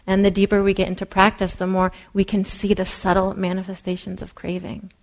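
A woman meditation teacher giving a dharma talk in a soft, unhurried way, sometimes dropping to a whisper. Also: medium pitch, completely flat delivery, poor audio. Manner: soft-spoken, drops to a whisper at times.

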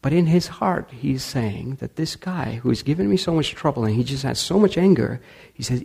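A man's voice: medium pitch, lively intonation, normal speed, gravelly, a little mellow, husky. A man telling a story in a talk, acting out the people he quotes with animation. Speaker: speaker.

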